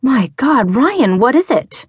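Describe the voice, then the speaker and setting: A woman narrator doing a caring young woman in an audiobook romance, soft-spoken and gently firm. The voice is low for a woman, recorded close and dry. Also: animated, normal speed, slightly rough, no room sound. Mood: alarmed.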